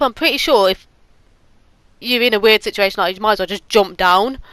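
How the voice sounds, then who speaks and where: A woman's voice: medium pitch, a little fast, fairly bright tone, no echo, rough recording. A woman giving a casual, rambling spoken movie review, often stopping to search for words.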